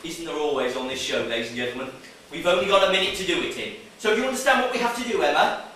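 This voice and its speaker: Pushy, bright-toned stage game show host, recorded from afar in a ringing hall. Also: male voice, fairly high pitch, rapid-fire, a little hiss or hum. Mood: gushing. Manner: showy, bossy, speaks down to the contestant. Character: brash male game show host Bob, pushy and patronizing. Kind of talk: improvised stage play. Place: theatre stage. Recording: echoey theatre from far off, faint music.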